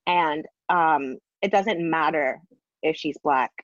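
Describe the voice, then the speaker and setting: A woman's voice: deep voice, slow, no echo. A woman co-host in casual commentary chat, talking emphatically with many fillers. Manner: chatty, frequent fillers, emphatic. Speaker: podcast co-host. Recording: dull, dry lo-fi audio.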